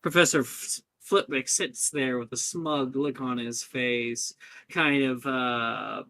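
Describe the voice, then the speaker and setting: A man narrating a tabletop role-playing game as game master, lively and unhurried. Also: medium pitch, vocal fry, rough recording.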